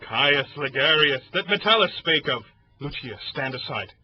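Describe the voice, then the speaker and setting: A man playing a noble, troubled Roman conspirator in a Shakespeare audio drama, speaking verse with measured solemnity. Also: on the high side, animated, husky. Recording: dull lo-fi audio with faint music.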